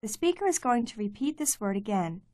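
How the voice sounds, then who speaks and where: A woman giving clear, measured scripted narration for a language course. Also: a little high, big pitch swings, dark tone, no room sound, studio quality. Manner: clear, measured teaching delivery.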